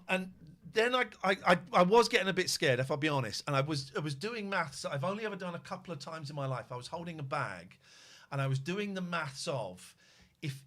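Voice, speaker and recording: Animated, sweary man telling a story. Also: on the high side. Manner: sweary, re-enacts shouted quotes. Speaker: podcast host.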